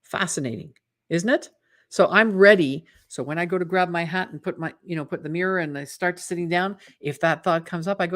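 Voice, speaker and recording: Woman coach on a live webinar; fairly low pitch, lively and conversational. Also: brisk. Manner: lively, acts out imagined inner voices in quotes; chatty, asks the audience "right?". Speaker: mental fitness coach hosting a webinar.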